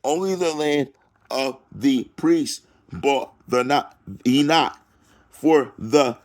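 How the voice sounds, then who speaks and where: A man reading scripture aloud and breaking off into loud preaching and taunting, drawling slowly through the verses. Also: medium pitch. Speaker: self-styled preacher.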